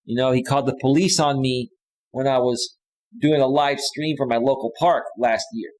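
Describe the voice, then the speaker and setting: A man's voice: mid-range voice, fairly even intonation, normal speed, darkish tone, poor audio. A man hosting a live stream, reading viewer comments aloud and answering them bluntly and dismissively. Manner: blunt and dismissive, with frequent restarts.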